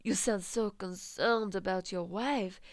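A woman voicing a sly, soft-spoken demon seductress. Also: mid-range voice, steady tone, takes it slowly, dry recording, clean studio sound.

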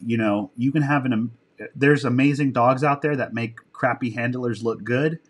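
A husky, medium-pitched male voice at a moderate pace belongs to a military dog handler guesting on a podcast. He tells stories casually in an interview, rambling, swearing without fuss and revising himself mid-sentence.

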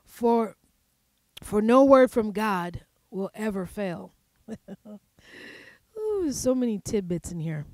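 A woman pastor giving a sermon in a conversational, playful way, often laughing and slipping into animated asides. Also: medium pitch, takes it slowly, pauses often, no echo.

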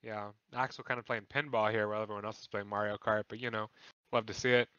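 Bright-voiced man casting kart races. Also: lowish voice, fast talker, clean tone, no room sound, highs cut off. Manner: casual, excitable play-by-play. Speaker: esports caster. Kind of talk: live race commentary.

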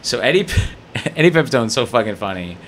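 A man from Canada, a comedian hosting a podcast in a studio, telling a story in a loud, profane way and acting out the voices. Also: medium pitch, big pitch swings, brisk, a little hiss or hum. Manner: profane, acts out voices in his stories. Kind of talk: casual chat, animated storytelling.

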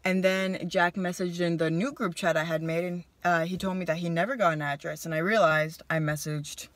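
A young woman vlogger telling a casual story to the camera, chatty and animated, acting out what people said. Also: lowish voice, dry recording. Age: young adult. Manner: animated, chatty, voices her own quotes. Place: car.

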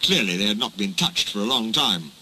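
A man narrating a children's storybook in a slow, expressive storytelling manner. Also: fairly low pitch, a little hiss or hum, rough recording.

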